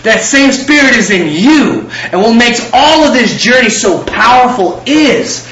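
High-voiced fervent male preacher, echoey. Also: sing-song, a little slow, fairly bright tone. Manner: fervent preaching, repeated build-ups. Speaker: pastor. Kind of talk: sermon. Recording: echoey, dull room recording.

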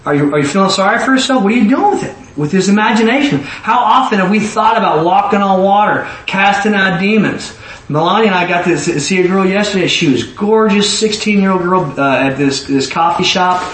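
A man delivers a conversational sermon, animated and full of asides, slipping into little acted-out voices. His voice sits a touch high. He is recorded from a distance in an echoey room with faint ambient noise behind him. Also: brisk. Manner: animated, acts out quoted voices, rambling asides. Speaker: preacher.

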